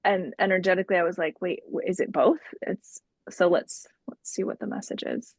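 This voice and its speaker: A woman co-hosting a casual spiritual podcast, chatting gently and laughing often as she reads from an oracle deck. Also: lowish voice, moderate pace, gravelly, slightly rough, no echo. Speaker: podcast co-host. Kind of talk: casual spiritual chat, reading oracle cards aloud.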